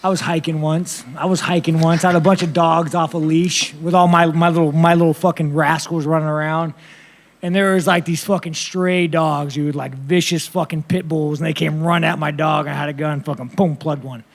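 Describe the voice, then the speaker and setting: A man with a slightly high, gravelly voice rattles off rough press-conference answers. He is blunt and profane and rambles from one thought to the next. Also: level tone, normal speed.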